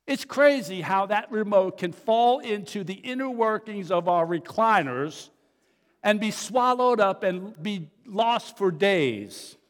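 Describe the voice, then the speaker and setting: A middle-aged male pastor preaches in an easygoing, anecdotal way, stumbling and restarting now and then. His voice sits a little high for a man. The sound carries the long reverb of a large church hall. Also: animated, takes it slowly. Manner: conversational, folksy, with fillers and restarts. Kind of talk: sermon with storytelling.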